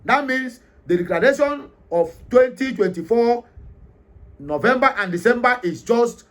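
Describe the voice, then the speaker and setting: A man's voice: very high voice, lively intonation, measured pace. A middle-aged Nigerian man with a Nigerian accent, giving an emphatic, repetitive opinion monologue with frequent hesitations. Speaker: commentary host.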